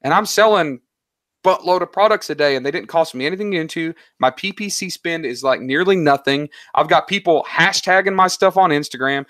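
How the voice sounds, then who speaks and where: Animated, slangy man telling stories. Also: fairly high pitch, brisk, dry recording, clean studio sound. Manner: animated, story-driven, slangy. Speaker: guest, online seller. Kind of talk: casual interview talk.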